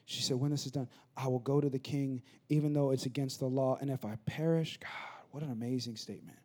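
A man in his thirties, a pastor, preaching a sermon in a conversational way that builds into rapid, repetitive crescendos. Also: mid-range voice, fairly even intonation, dark tone.

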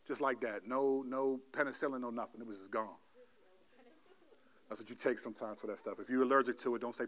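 A male pastor preaching a sermon, telling stories animatedly, playing out God's voice in slangy asides and then dropping into a quieter, gentle exhortation. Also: mid-range voice. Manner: drops to a soft, quiet delivery for the exhortation.

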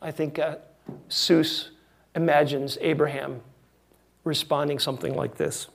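Male pastor, sermon, fairly high voice, husky, wry and conversational, emphatic pauses. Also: little pitch movement.

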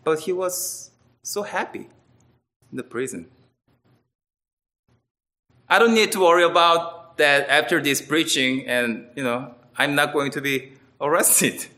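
Slow, bright-voiced man preaching. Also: fairly high pitch. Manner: earnest, emphatic, with wide swings between loud and quiet. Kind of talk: sermon.

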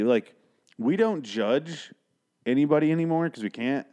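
A man's voice: medium pitch, lively intonation, brisk, mellow. A man casually recapping a TV episode, rambling and sarcastic, with frequent swearing. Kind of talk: casual commentary.

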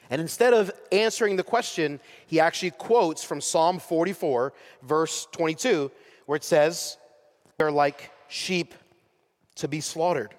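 High-voiced pastor preaching in a reverberant hall. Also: male voice. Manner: rising to impassioned peaks, dropping to soft pauses. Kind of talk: sermon. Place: church sanctuary. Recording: long reverb of a large hall.

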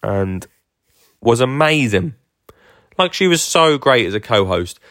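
A podcast host who also works as a garden entertainer delivers a casual monologue on his own show, rambling enthusiastically with many fillers and restarts. His medium-pitched voice is very animated yet unhurried and a bit bright, recorded in studio quality with no echo.

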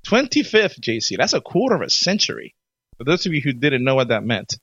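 Casual podcast co-host, male, lively storyteller, muffled lo-fi sound. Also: medium pitch, brisk, husky, no echo. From Florida. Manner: animated storyteller, laughs often. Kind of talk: casual chat.

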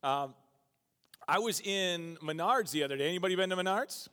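Animated pastor preaching in a hall. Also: male voice, sits high, normal speed, smooth. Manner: animated, acts out quotes, laughs at his own stories. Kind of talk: sermon with storytelling. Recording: long reverb of a hall.

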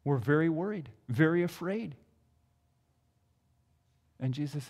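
A man preaching a sermon, telling the story with expressive delivery. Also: high voice, measured pace.

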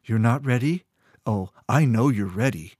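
A man's voice: mid-range voice, moderate pace, darkish tone, breathy edge, no room sound, clean studio sound, lightly acted. A man voicing a bold, fiery young woman. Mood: forceful. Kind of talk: audiobook character voice.

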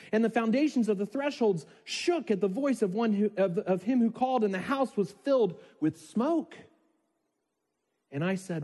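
A man's voice: high-pitched, animated, moderate pace, darkish tone. A man preaching as a pastor, talking conversationally, checking in with listeners, and reading scripture aloud with mounting intensity. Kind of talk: sermon. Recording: long reverb of a large hall.

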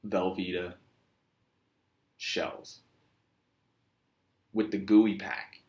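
Deep-voiced rambling man with a Virginian accent. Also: steady tone, drawn-out words, darkish tone. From Virginia, USA. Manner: joking, meandering, self-mocking storyteller. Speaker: yoga teacher and vlogger. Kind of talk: rambling casual monologue.

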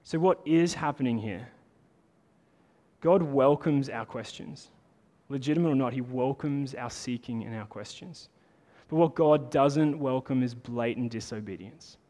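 A man preaching a sermon in a casual, animated way, talking to the congregation like friends. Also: mid-range voice, unhurried. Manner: conversational, animated preaching with lots of "like". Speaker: pastor. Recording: long hall reverb.

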